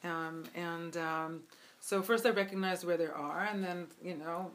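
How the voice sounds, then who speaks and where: A woman telling a Hasidic tale at a gathering, animated and chatty, with many asides and fillers. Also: fairly low pitch, a little slow. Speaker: storyteller. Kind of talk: spoken Hasidic storytelling. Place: event gathering.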